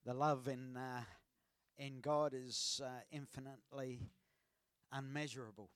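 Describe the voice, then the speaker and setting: A man's voice: mid-range voice, fairly even intonation, a little slow, fairly bright tone, smooth, no room sound. A man leading a ministry program, speaking in a preaching style, hesitant with "uh" fillers.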